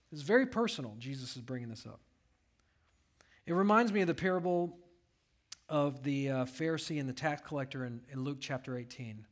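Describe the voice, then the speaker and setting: A man's voice: mid-range voice, lively intonation, a little fast. A pastor preaching a sermon, reading scripture aloud and asking his congregation rhetorical questions.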